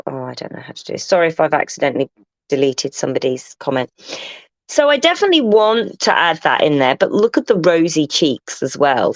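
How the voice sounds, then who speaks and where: A woman's voice: lowish voice, no echo, rough recording. A woman hosting a live craft demonstration, chatty and enthusiastic as she thinks aloud and answers viewers. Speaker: craft tutor hosting a livestream.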